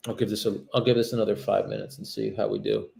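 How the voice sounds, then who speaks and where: A man's voice: lowish voice, little pitch movement, fast, gravelly, mellow, poor audio. A man working as a real estate agent, cold calling on a livestream, chatting casually with viewers between calls and turning polite and friendly on the phone, often trailing off and restarting sentences. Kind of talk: live-streamed cold calling with commentary.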